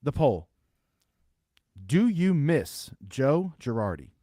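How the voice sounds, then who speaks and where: A man's voice: medium pitch, big pitch swings, slow, warm tone, no room sound, studio quality. A man co-hosting a sports podcast, chatting casually with a Philadelphia accent, hedging and laughing easily. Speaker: podcast co-host.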